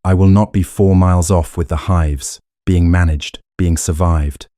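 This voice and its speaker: A proud young countess of twenty-nine, voiced by a man reading the story, laying out her terms in a firm, measured way. The voice sits low and mellow. The recording is close and dry. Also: steady tone, no echo. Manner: firm, measured, plain-spoken. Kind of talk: audiobook character reading.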